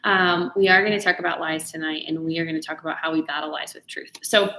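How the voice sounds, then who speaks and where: A woman's voice: deep voice, steady tone, fast, bright, forceful tone, echoey room, low-quality recording. A woman hosting a live video talk, chatty and teasing, who laughs often. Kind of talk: casual motivational talk.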